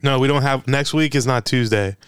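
Laid-back male podcast host, very clear. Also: medium pitch, fairly quick, no echo, studio quality. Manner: laid-back, laughs often, steers the talk. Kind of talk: casual sports podcast chat.

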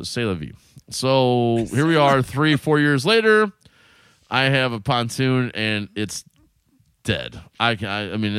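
A man spinning a casual anecdote, his pitch leaping around as he acts out each person's lines. He swears freely and talks loosely. The sound is dry and close. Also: clear, resonant tone, no room sound. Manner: animated, profane, acts out quotes. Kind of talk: casual storytelling.

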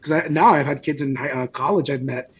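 A man in his thirties co-hosting a podcast, chatting casually and telling animated stories with frequent laughs. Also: mid-range voice, fairly quick, slightly rough. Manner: animated storyteller, laughs often. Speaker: podcast co-host. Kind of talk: casual chat.

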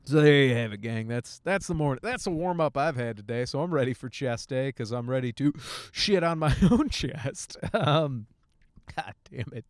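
Young guy doing a solo podcast while driving, loose crude storytelling, keeps laughing, mid pitch clean voice. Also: moderate pace, dry recording, clean studio sound. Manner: animated storyteller, crude jokes, laughs often. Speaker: podcast host. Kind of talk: casual solo rant. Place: in a car, driving.

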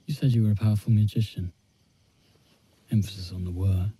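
An actor playing a young vampire hunter who speaks in a cutting, taunting way. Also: male voice, on the low side, fairly even intonation, fairly quick, mellow, slight background noise, lightly acted. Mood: mocking. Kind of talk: animated series drama.

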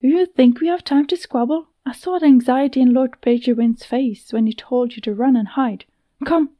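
A woman's voice: sits high, normal speed, no echo, dull audio, voice pushed up, lightly acted. A woman doing a pushy, teasing young woman. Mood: urgent. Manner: chatty, talks over others, teasing.

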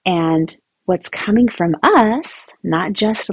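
Female host, husky and gravelly, animated casual chat, lower pitch. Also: unhurried, dry recording. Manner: chatty, animated, acts out quotes with laughs. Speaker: podcast host speaking to mothers. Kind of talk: casual advice talk.

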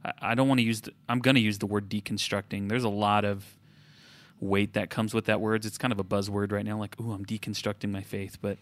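Co-hosting a casual faith podcast, a man in his thirties speaks a little fast with a lowish voice and flat delivery. His manner is thoughtful, and he frequently backs up to restart and correct what he's saying.

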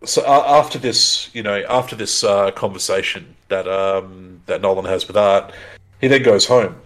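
A man's voice: lowish voice, normal speed, fairly bright tone. A man co-hosting a podcast, casually retelling an episode with lots of fillers and restarts. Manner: rambling, filler-heavy storytelling. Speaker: podcast co-host. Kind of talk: casual recap chat.

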